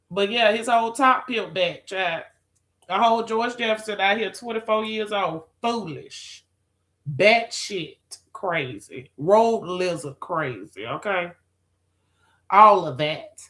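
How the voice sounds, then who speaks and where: A woman's voice: mid-range voice, lively intonation, takes it slowly, a bit bright. A woman chatting with viewers on a live stream, sassy and profane, calling people girl, child and honey. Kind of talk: casual live-stream chat.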